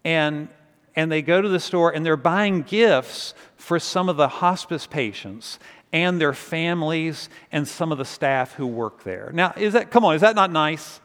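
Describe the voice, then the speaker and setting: A man preaching a sermon, telling a story in a conversational, animated way and then dropping to quiet intensity. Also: fairly high pitch, unhurried, in a large hall. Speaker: pastor.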